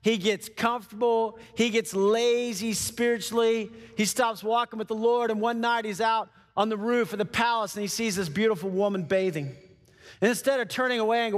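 A pastor with a high voice delivers an animated, conversational sermon and acts out the story as he tells it. His words ring on in the long reverb of a large church hall. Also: moderate pace. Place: church auditorium.

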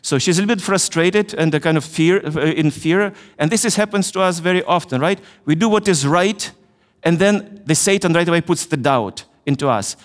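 A man's voice: fairly high pitch, moderate pace. Ukrainian-accented man preaching in echoing hall. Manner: earnest storytelling with frequent hesitations. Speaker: chapel speaker. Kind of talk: chapel sermon. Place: university chapel. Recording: long hall reverb.

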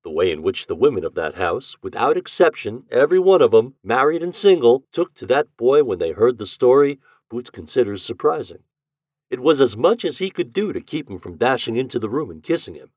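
A man's voice: medium pitch, very animated, brisk, darkish tone, no room sound, clean studio sound. A man narrating a classic story aloud as a podcast reader, telling it expressively. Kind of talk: reading classic fiction aloud.

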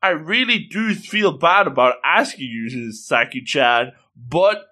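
A man's voice: fairly high pitch, animated, slow, pushed and bright, heavily acted. A man playing an earnest, pleading anime boyfriend. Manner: sincere, pleading. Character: earnest young anime boyfriend, persistent and smitten.

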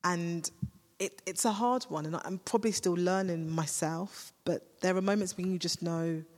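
A woman's voice: lowish voice, moderate pace. A woman speaking as a podcast guest in a casual talk about faith, searching for words and breaking off her sentences. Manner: searching, self-interrupting, animated when amused. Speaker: podcast guest, ministry leader. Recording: long reverb.

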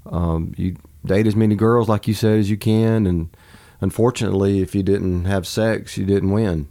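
A man's voice: fairly low pitch, fairly even intonation, moderate pace, dark tone. A man in his forties, a pastor talking earnestly about his family in casual conversation, laughing easily.

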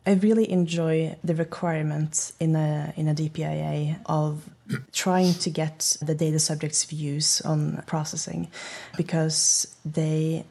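Norwegian woman, low gravelly voice, explains things slowly with lots of restarts, video call. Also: little pitch movement, dark tone. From Norway. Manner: thoughtful, hesitant restarts, explanatory. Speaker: privacy project lead, guest. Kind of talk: interview over call.

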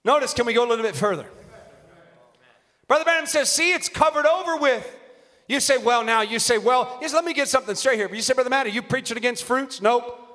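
High, bright-voiced young man preaching. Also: fast talker. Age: young adult. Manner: impassioned, shouting at peaks, quotes scripture and a prophet. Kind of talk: sermon. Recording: long hall reverb.

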